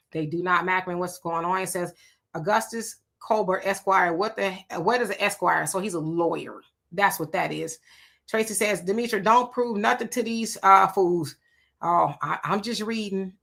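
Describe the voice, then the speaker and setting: A middle-aged woman hosting a casual livestream, greeting viewers by name and reading their comments aloud with quick asides of her own. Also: medium pitch, sharp tone. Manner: greets viewers by name one after another. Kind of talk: casual live-stream chat.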